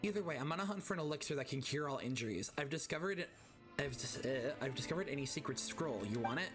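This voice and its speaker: A man's voice: mid-range voice, animated, fast, over music, close to an everyday voice. A man reading the lines of a sly, folksy middle-aged woman wanderer with a bad back, in a drawling, teasing way. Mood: weary.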